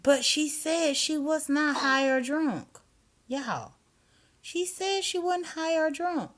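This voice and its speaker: A woman vlogging on her phone at night, talking to her viewers in a chatty, incredulous way, sometimes dropping to a hush. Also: sits high, expressive, takes it slowly. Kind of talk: casual commentary to viewers. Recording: noisy phone recording, snoring behind.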